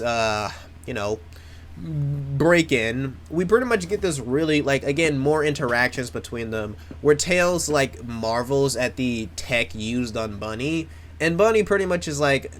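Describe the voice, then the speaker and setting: A man's voice: medium pitch, expressive, a little slow, a bit bright. A man in casual chat, rambling with plenty of restarts, swearing freely and mocking himself. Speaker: video creator.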